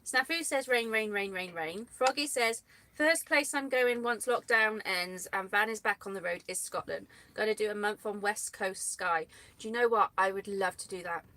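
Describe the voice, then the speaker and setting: A woman's voice: medium pitch, normal speed, bright, forceful tone. A woman co-hosting a casual live chat from England, laughing often and reading out viewers' comments.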